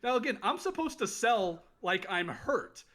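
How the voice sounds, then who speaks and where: A man's voice: high voice, sing-song, unhurried, fairly bright tone. A man in his late thirties, a former wrestler co-hosting a podcast, tells stories in a rambling way and keeps laughing through them. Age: late 30s. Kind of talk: casual storytelling chat.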